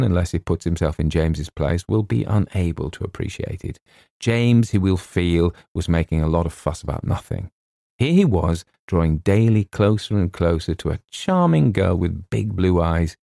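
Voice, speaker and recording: A man reading a comic story as narrator in measured, scripted narration. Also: deep voice, gravelly, mellow, dry recording, studio quality. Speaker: audiobook narrator.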